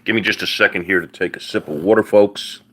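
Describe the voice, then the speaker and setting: A man's voice: low-pitched, fairly even intonation, fast, sharp tone. A middle-aged man hosting a live car-advice stream, explaining mechanics in a folksy way, full of "all right" and "uh" and calling viewers folks and buddy. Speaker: host answering viewers' car questions.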